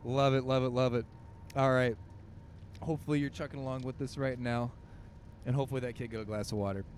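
A male podcast host cueing up the next story in brisk, upbeat lines. His voice sits at a middle pitch, with a faint hiss behind it. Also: fairly even intonation, darkish tone. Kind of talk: casual introductions.

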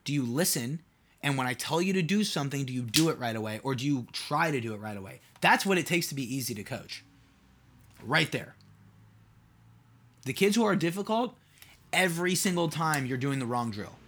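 A man's voice: mid-range voice, lively intonation, fairly quick, fairly bright tone. A man hosting his own podcast in a casual solo monologue, rambling and asking his listeners rhetorical questions with lots of "like"s. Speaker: podcast host and mentor.

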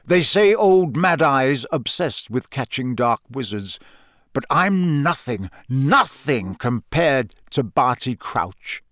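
A man voicing a gruff, grim older male wizard who talks slowly and mutters. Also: mid-range voice, very animated, a bit bright, dry recording, studio quality. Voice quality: gruff, growling. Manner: slow, muttering.

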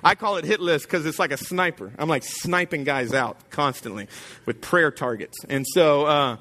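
Casual, emphatic man preaching, with a slightly high voice and a plain-spoken way of talking. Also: normal speed, sharp tone. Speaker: pastor. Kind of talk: sermon.

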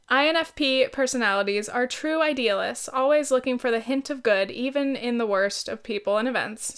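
A woman's voice: a little high, fairly bright tone, smooth. Chatty, giggly young woman podcaster. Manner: chatty, giggly, swears casually, rambling asides. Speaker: podcast host. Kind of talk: casual solo podcast chat. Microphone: podcast mic.

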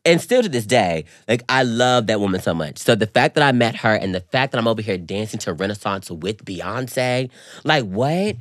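A man co-hosting a podcast, telling a story in casual chat, very animated and swooping high when excited, calling everyone "girl". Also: moderate pace, no room sound, studio quality. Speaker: podcast co-host.

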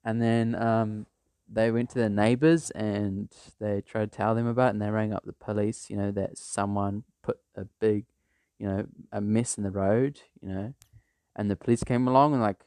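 A man's voice: on the low side, fairly even intonation, moderate pace, darkish tone, clean tone, dry recording. A man telling a made-up story in a rambling, casual way, full of fillers and restarts. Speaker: vlogger.

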